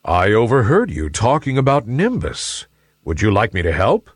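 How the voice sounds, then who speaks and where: A wise, kindly sun from a children's storybook, voiced by a man reading aloud. He speaks gently and in a measured way, a touch lower than a plain voice, with lively swings in pitch. The recording is close and dry. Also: husky, no echo, full character voice. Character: wise, kindly male sun, calm and firm.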